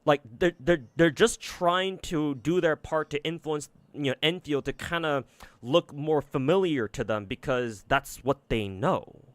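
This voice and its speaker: A man's voice: fairly high pitch, measured pace, no room sound. A man streaming and giving casual commentary on games, rambling and swearing a lot, with many fillers and restarts. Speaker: gacha game streamer.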